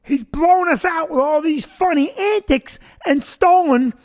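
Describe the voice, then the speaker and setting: A man voicing an indignant, suspicious club patron who shouts accusations in a raised voice. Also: very fast. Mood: outraged. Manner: shouting outrage, pitched up.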